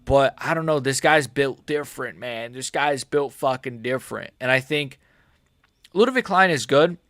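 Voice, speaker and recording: A man hosting a casual fight predictions vlog, excitable and jokey, swearing freely and correcting himself mid-sentence. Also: mid-range voice, moderate pace, no room sound, studio quality. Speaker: MMA prediction channel host.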